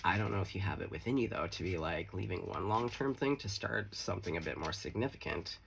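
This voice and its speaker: A man's voice: sits low, fast, vocal fry, a bit bright, slight background noise. A man giving a casual, chatty tarot reading to camera, swearing freely and making playful asides. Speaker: tarot reader.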